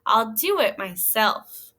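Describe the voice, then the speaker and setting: A woman voicing a hard-working little female hen in a storybook read-aloud, slightly raised and clear. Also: a little high, very animated, slow, sharp tone, full character voice. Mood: patient.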